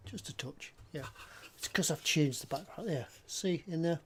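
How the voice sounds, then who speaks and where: A man with a voice pitched a little above the usual chats away while he works at his hobby bench. His talk is loose and rambling, full of small jokes and side tangents. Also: moderate pace, fairly bright tone, a little hiss or hum. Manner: rambling and jokey, drifts off topic. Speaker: scale model builder. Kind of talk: casual chat while working on a model. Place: hobby workbench indoors.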